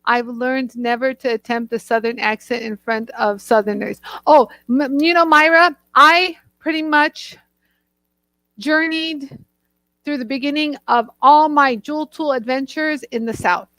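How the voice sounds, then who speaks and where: A bubbly, gushing woman from the northern United States chats casually with viewers while hosting a live jewelry tool stream. Her voice sits high, and the sound is dry and close, with no room around it. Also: fairly even intonation, a little slow, sharp tone, no echo. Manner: bubbly, gushing, chatty, laughs often.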